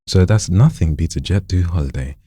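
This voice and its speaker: A man coaching a friend in voice acting, demonstrating lines with lively swoops of pitch. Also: fairly quick, husky, no room sound, studio quality. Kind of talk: casual coaching session.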